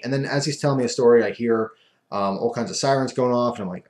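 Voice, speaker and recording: A man's voice: mid-range voice, fast, darkish tone. A man casually telling a rambling, self-amused story as a vlogger, recorded in an echoey room.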